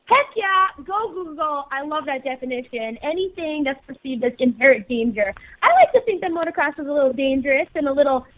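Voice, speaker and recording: A Canadian woman co-hosting a casual radio show, energetic and slangy, laughing easily. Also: sits high, brisk, few pauses. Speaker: co-host. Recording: tinny phone line.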